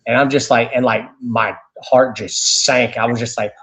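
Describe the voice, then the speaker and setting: A man's voice: medium pitch, normal speed, few pauses, poor audio. A man, a radio host telling stories as an interview guest, chatty and full of fillers and restarts. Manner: animated anecdotes with many fillers and restarts. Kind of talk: casual storytelling interview.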